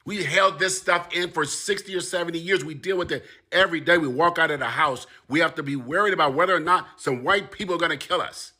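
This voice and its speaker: A man speaking straight to his audience in an impassioned monologue, pressing his points with repetition and rising emphasis. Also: fairly high pitch. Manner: forceful, rising and repeating for emphasis. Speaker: commentator. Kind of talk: impassioned direct-to-camera monologue.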